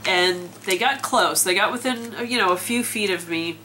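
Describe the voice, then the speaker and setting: A woman's voice: mid-range voice, normal speed, bright, forceful tone, a little hiss or hum. A woman vlogging in a chatty, self-mocking way and laughing often, talking from outdoors and from inside a parked car. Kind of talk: casual storytelling vlog.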